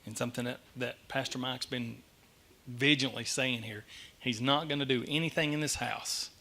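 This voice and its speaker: Forceful man preaching. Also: mid-range voice, moderate pace, creaky, a little hiss or hum. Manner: animated storytelling, self-deprecating. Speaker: lay speaker giving a church message. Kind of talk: sermon. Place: church sanctuary.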